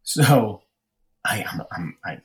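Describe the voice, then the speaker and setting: A young man with a low, deep voice tells a personal story in relaxed conversation. He rambles, restarts his sentences and leans on fillers as he goes. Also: slow pace. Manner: rambling, self-deprecating, frequent fillers and restarts. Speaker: podcast storyteller. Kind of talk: casual storytelling chat.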